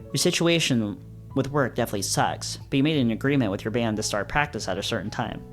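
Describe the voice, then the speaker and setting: A man voicing a level-headed male musician in a visual novel, calm and reasonable, with guitar music behind. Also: mid-range voice, quick pace, close to an everyday voice.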